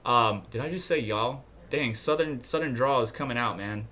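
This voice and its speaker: A New York man hosts a casual livestream, rambling and thinking out loud as he browses charts and checks chat. His mid-range voice is pushed and bright, and he talks a little fast.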